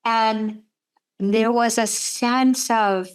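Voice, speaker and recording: A woman speaking slowly and earnestly in a reflective conversation, thinking aloud about her own experience. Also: on the high side, steady tone, clear, resonant tone. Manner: slow, earnest, self-reflective.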